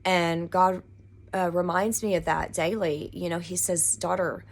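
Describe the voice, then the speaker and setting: A woman's voice: fairly low pitch, steady tone, a little slow. A woman from Texas, talking casually to camera from her living room, rambling earnestly with many fillers. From Pasadena, Texas, USA. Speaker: occult vlogger. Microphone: camera mic.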